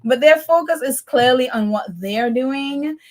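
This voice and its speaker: A woman's voice: sits high, measured pace, darkish tone. A woman hosting a live stream in a casual, chatty way, laughing often and teasing as she talks. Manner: teasing, mocking tone. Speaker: live stream host reading viewer comments.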